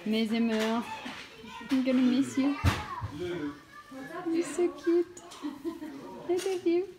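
A bubbly woman in her thirties narrates her family vlog and drops in the odd French word. Her voice sits fairly high and swings up and down with lots of life. The chatter of a group of people carries on around her. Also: lively intonation, very slow. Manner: bubbly and affectionate, slips in French words. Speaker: mother and vlog host.

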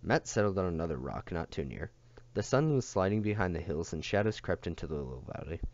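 A man reading a novel aloud in a steady, unhurried way, on a dull lo-fi recording. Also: low voice, dry recording. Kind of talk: audiobook reading.

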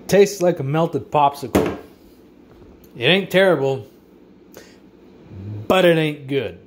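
A man's voice: fairly high pitch, expressive, slow. A man, casually reviewing food in a vlog with crude, profane, rowdy banter. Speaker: vlogger. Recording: faint background noise.

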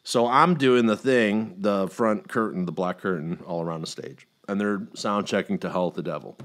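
This middle-aged podcast host, with a fairly low voice at normal speed, tells a lengthy story in a casual conversation. He's an animated storyteller who curses freely and acts out what others said.

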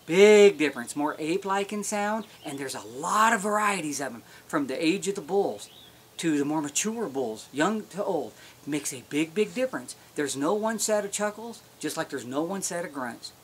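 A man's voice: on the high side, expressive, normal speed, a bit bright, slight background noise. Folksy man teaching elk calls. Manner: folksy, explains step by step. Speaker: elk calling instructor. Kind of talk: instructional demonstration.

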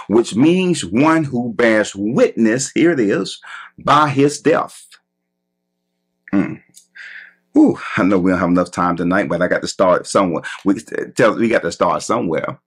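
A man preaching a sermon as pastor, stretching out emphatic phrases with a husky voice. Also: on the low side, lively intonation, a little slow.

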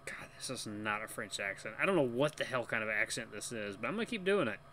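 A man hosting a let's play who reads the game text aloud and comments excitedly. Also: on the low side, fast. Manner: excitable, laughs easily, breaks into loud protest. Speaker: gaming channel host.

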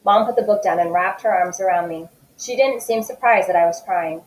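A woman's voice: on the low side, fairly quick. Woman teacher reading aloud, echoey room. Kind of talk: read-aloud book narration.

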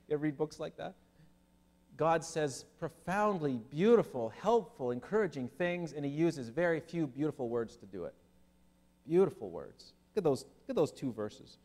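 A man preaching a sermon as pastor, animated and lively, with humorous asides to his listeners. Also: medium pitch, brisk. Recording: long hall reverb.

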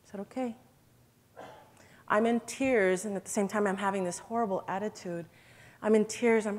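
A woman's voice: mid-range voice, steady tone, normal speed, pauses often, a little mellow. Woman giving an earnest church testimony. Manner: earnest, emotional, addresses listeners as brothers and sisters. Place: event hall.

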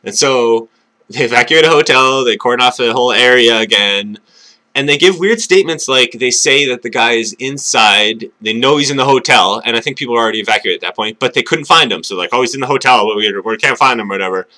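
Bright-voiced man ranting alone indoors. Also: medium pitch, brisk. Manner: swears often, trails off quietly, then pushes to speak up. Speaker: vlogger. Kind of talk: casual rant to camera.

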